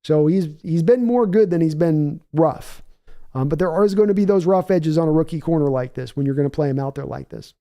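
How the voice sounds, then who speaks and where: Fairly quick and slightly high-pitched, this American livestream host has a mellow, soft tone. He rambles through opinionated game analysis, pausing to read chat comments aloud and reply casually.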